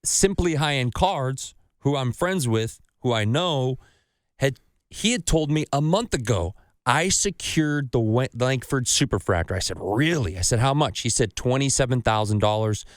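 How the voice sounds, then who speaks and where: A man's voice: medium pitch, moderate pace, no room sound, studio quality. A man hosting a casual podcast, telling stories with lots of swearing and acting out other people's voices. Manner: animated storytelling, acts out voices of others, swears freely. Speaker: podcast host.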